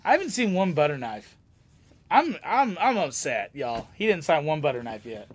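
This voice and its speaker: A man hosts a live autograph signing with a somewhat high voice. He chats casually and jokes and laughs often, keeping the banter moving. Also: sing-song, fairly quick. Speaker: host of autograph signing stream. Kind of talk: casual chat.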